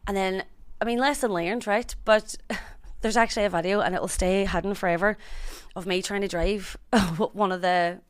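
A woman in her thirties with a Northern Irish accent, guesting on a podcast and telling animated stories with acted-out quotes. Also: mid-range voice, normal speed, smooth. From Northern Ireland. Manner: animated storyteller, acts out quotes. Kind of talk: casual storytelling chat.

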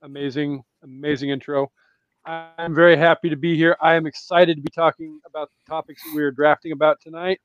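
An eager, enthusiastic man joining a podcast chat. His voice sits a little high and comes through a dull, dry lo-fi mic. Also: little pitch movement, a little fast, no room sound, soft background music. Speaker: podcast panelist.

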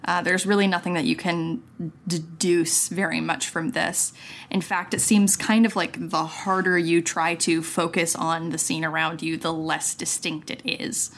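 Woman GM, slightly low voice, calm measured narration for an audio tabletop game. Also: gravelly. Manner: gentle, measured narration with frequent ums. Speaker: game master. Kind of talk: narrating a tabletop role-play.

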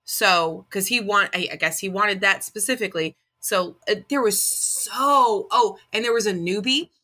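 A woman co-hosting a podcast in casual chat, telling stories in an excitable, rambling way with lots of giggling. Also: mid-range voice, moderate pace. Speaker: podcast co-host.

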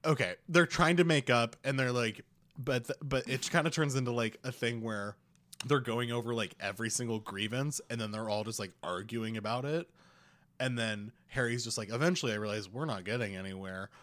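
A man's voice: mid-range voice, fairly even intonation, moderate pace, fairly bright tone. A young man co-hosting a podcast in casual chat, rambling with lots of filler words. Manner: rambling, heavy use of "like". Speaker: podcast co-host.

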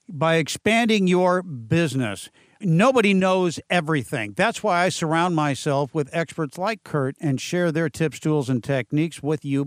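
A man's voice: fairly high pitch, dry recording. A man with a slightly raised voice hosts a business podcast interview. He talks in a folksy, upbeat way full of colorful phrases. The sound is dry and close, with no room around it. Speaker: podcast host.

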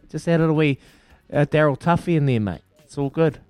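Upbeat New male radio host running a phone quiz; slightly high, smooth and clear. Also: moderate pace, few pauses, a little mellow, no room sound, faint music behind. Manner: upbeat, calls callers mate and brother. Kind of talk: casual breakfast radio chat.

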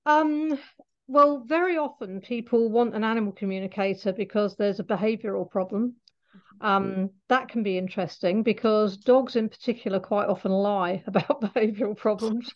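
A woman's voice: medium pitch, moderate pace, muffled recording. A Scottish woman, a guest in an interview, explaining her work at length in a chatty way and laughing often. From Scotland. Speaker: animal communicator guest. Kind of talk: interview conversation.

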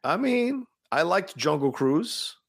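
Podcast co-host, male, gravelly and husky, lively and rambling, dry close mic. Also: fairly high pitch, slow pace, dry recording. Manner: opinionated, laughs often, rambling. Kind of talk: casual movie chat.

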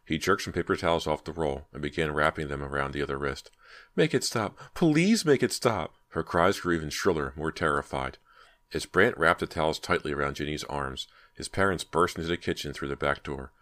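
A man reading a horror audiobook in a steady, measured way. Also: very deep voice. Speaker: audiobook narrator. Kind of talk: scripted horror narration.

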